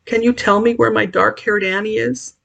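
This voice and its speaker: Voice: mid-range voice, steady tone, normal speed, creaky, fairly bright tone, dull audio, voice pushed up. A reader voicing a heartbroken, gaunt old man who wistfully searches for his lost love, speaking in a raised, pleading tone. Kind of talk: audiobook character voice.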